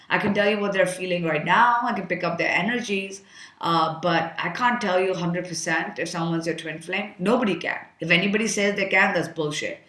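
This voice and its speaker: A woman with a medium-pitched, slightly bright voice speaks briskly in an echoey room. Giving a casual tarot reading, she is chatty and frank, thinking aloud with many fillers and the occasional curse.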